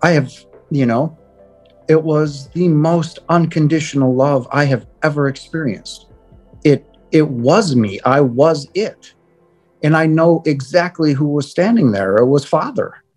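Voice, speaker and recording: Earnest middle-aged man, halting testimony. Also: fairly high pitch, a little mellow, soft background music. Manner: earnest, halting with repeated words. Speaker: guest telling a near-death experience. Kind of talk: personal testimony.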